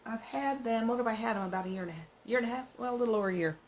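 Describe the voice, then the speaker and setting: A woman's voice: fairly high pitch, very fast, low-quality recording. A woman narrating her painting in a casual craft vlog, thinking aloud and musing as she works. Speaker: craft vlogger.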